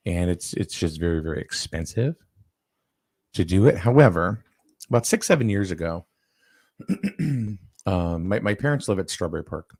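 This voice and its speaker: A man with a fairly low voice tells a story on a casual talk show, full of fillers, restarts and side turns. His pitch swings widely and animatedly from line to line. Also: very animated, moderate pace, pauses often, darkish tone, breathy edge, no room sound. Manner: rambling, with many fillers and restarts.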